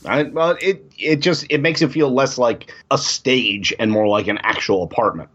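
A man's voice: medium pitch, moderate pace, fairly bright tone, dull audio, slight background noise. A man co-hosting a casual podcast chat, dropping wry asides. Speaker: podcast co-host.

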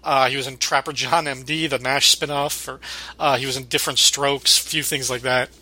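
Podcast co-host, male, bright tone, lively storyteller who laughs a lot. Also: mid-range voice, fairly quick. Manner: animated retelling, often laughing. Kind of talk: casual chat recapping a sitcom episode.

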